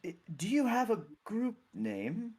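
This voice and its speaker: A man's voice: high voice, huge pitch swings, unhurried, darkish tone, breathy edge, voice pushed up, full character voice. A man voicing a kindly male clergyman who guides visitors, speaking courteously with some stammering.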